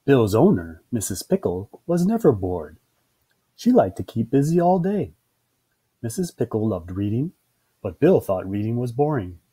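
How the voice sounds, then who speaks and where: Male children's story reader, sing-song delivery, warm husky voice. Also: mid-range voice, big pitch swings, normal speed. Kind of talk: read-aloud children's story narration.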